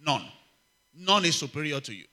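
A man preaching a sermon, emphatic and repetitive, calling out to the congregation and swinging from loud exclamations to quiet asides. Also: on the high side, sing-song, normal speed. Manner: emphatic, repeats key phrases, asks the congregation for response. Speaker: pastor.

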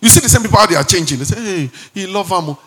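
Nigerian pastor preaching in a reverberant hall. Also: male voice, sits high, very fast. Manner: animated, mixing Pidgin asides and acted-out quotes. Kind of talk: sermon.

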